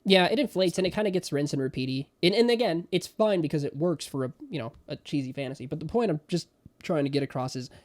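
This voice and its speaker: A young man co-hosting a casual podcast, talking in an animated, emphatic way with big swings in loudness. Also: on the high side, fast talker. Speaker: podcast co-host. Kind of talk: casual chat.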